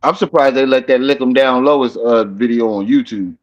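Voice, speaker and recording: A man's voice: medium pitch, normal speed, highs cut off. A man chatting casually as a stream co-host, laughing and telling jokey stories. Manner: laughing, jokey, animated storytelling with put-on voices. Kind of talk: casual chat.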